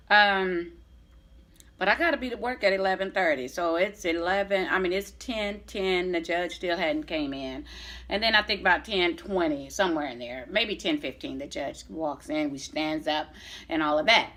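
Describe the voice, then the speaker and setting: Her voice is on the low side and a little bright, moving at a moderate pace. A middle-aged vlogger, she bluntly retells a long personal story to the camera, swearing liberally and restarting sentences often.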